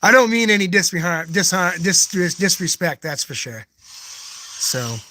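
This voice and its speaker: Bright, high-voiced man chatting on a live stream. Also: big pitch swings, unhurried. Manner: rambling, answering chat comments one by one; effusive and earnest, often thanking viewers. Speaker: poet hosting a live stream. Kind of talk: casual live-stream chat with viewers.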